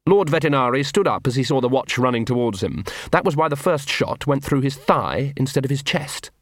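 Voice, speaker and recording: A man giving scripted audiobook narration in an even, measured way. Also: medium pitch, no echo, clean studio sound.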